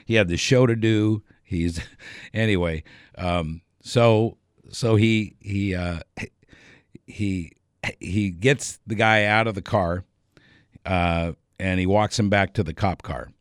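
A man casually telling a long anecdote, relaxed and rambling, chuckling often along the way. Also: sits low, slow pace, clear, resonant tone, no room sound, clean studio sound. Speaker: storyteller.

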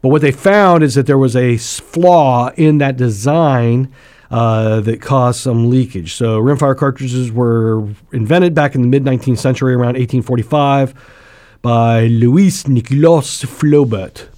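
A man's voice: mid-range voice, unhurried, darkish tone. A man co-hosting a local radio talk show, explaining things in detail from notes with jokey asides. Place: radio studio.

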